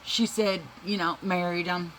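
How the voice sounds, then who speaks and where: A woman's voice: lowish voice, steady tone, unhurried, fairly bright tone, slight background noise, poor audio. A woman casually telling a family story to her viewers, swearing freely and laughing as she goes. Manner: chatty, folksy, addresses viewers as y'all.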